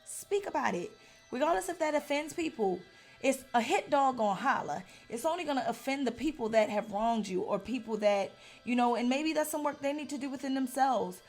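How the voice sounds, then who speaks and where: A woman's voice: high voice, lively intonation, fairly quick, faint music behind. A woman giving a casual tarot reading to camera, earnest and at times heated and emphatic. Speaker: tarot reader.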